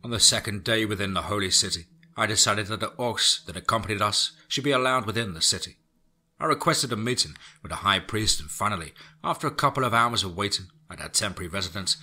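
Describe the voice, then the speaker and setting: A man narrating a first-person fantasy story for a podcast in a steady, unhurried reading. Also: lowish voice, husky.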